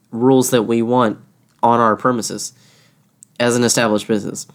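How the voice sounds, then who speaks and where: A young man who works as a cashier, casually retelling a run-in with a rude customer, swearing often and laughing between lines. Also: mid-range voice. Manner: animated, profane, laughing retelling. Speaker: restaurant cashier. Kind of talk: casual storytelling chat.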